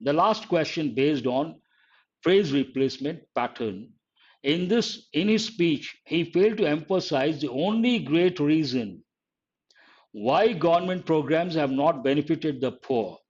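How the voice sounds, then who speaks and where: A man's voice: a little high, lively intonation, a little slow, a little mellow, breathy edge. A man teaching grammar in a live exam-prep class, explaining step by step and repeating key phrases. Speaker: English teacher. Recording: dull lo-fi online class audio.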